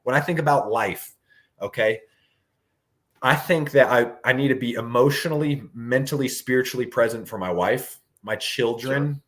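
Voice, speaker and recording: A man in his thirties, a fishing guide hosting a casual podcast, talking in an animated, rambling way and saying "dude" a lot. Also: medium pitch, moderate pace.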